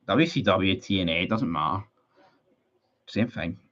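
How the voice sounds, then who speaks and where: A man's voice: low voice, animated, normal speed, a bit bright, lo-fi sound. A Scottish man streaming a live football watchalong, chatting with his viewers, frustrated and sweary about his team. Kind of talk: live match watchalong commentary.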